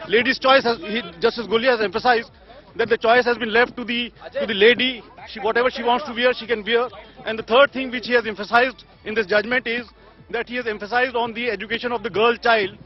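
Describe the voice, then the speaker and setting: A fairly high-pitched man speaks to reporters outdoors, repeating himself and restarting phrases as he explains. The sound is muffled and lo-fi, with a faint crowd behind him. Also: fairly even intonation. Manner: repetitive, halting. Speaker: lawyer. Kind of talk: statement to press. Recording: dull lo-fi audio, faint crowd.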